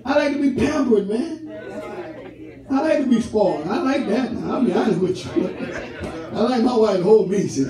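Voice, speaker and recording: Man pastor, high animated voice, unhurried sermon delivery, recorded from a distance in an echoey church. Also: crowd noise. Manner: laughing, storytelling with call-and-response. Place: church sanctuary. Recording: roomy church hall, mic at a distance, congregation audible.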